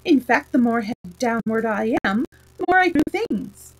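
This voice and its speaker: A woman voicing a rambling, eccentric old male knight inventor who explains his ideas slowly and earnestly. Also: on the high side, animated, poor audio. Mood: proud.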